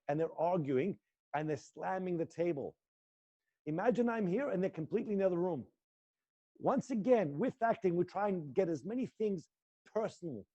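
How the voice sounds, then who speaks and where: In an indoor room, a male acting teacher leads students through an intense exercise, alternating between low, muttered lines and loud coaching. The recording sounds muffled.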